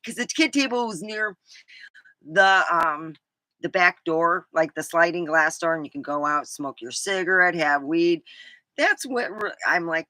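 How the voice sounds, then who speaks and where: A vlogger from California, this woman has an English-tinged American accent and a fairly low, pushed, bright voice, speaking a little slowly. She rambles through casual stories with laughter and many ums, and there's no room sound.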